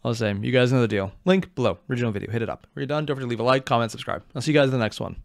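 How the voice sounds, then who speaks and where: A man's voice: mid-range voice, racing, creaky, no room sound. A young man hosting a casual reaction video, talking in a playful, jokey way with lots of asides. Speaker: anime reaction channel host.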